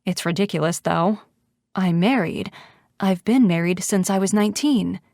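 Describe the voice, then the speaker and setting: A woman narrating a first-person romance audiobook in an expressive, intimate way. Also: medium pitch, moderate pace, gravelly, no room sound, clean studio sound.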